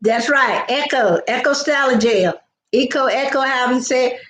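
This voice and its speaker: Older woman, live-stream host, slightly high voice, roomy echo. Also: normal speed, a bit bright. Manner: chatty, greets viewers by name, storytelling asides. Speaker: livestream host. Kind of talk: casual live chat with viewers.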